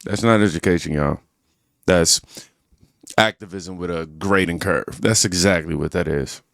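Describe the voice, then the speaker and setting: A man's voice: deep voice, normal speed, vocal fry, fairly bright tone, no echo, clean studio sound. A man hosting a reaction channel, giving emphatic, preachy commentary on clips and calling his viewers y'all.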